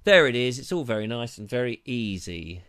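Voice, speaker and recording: A man's voice: medium pitch, very animated, moderate pace, loud music behind the voice. A man from hosting a live show, rambling in a chatty, self-mocking way with a slightly dry throat. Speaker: show host. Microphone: lapel mic.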